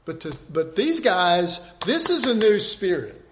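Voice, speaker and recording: A man teaching an informal Bible study, rambling and conversational, with many restarts, often dropping to a soft, earnest hush. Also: high voice, sing-song, a little slow, slight background noise.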